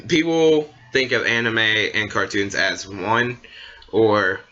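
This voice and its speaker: A man's voice: on the low side, takes it slowly, pushed and bright, muffled recording. A young man ranting casually to camera as a vlogger, rambling along with many fillers and restarts. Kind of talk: casual opinion rant.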